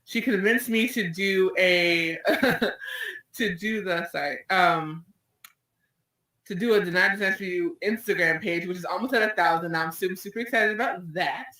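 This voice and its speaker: Hosting an online radio interview, this woman talks at a normal speed in a lowish voice that sounds pushed and bright. Her manner is effusive and emotional, full of restarts. She's recorded on a distant mic in an echoey room.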